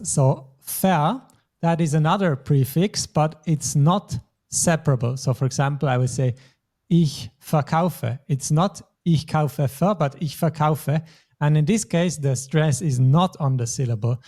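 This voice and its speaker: A man's voice: on the high side, unhurried, warm tone. A man teaching a German lesson, explaining grammar patiently step by step. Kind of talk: language lesson.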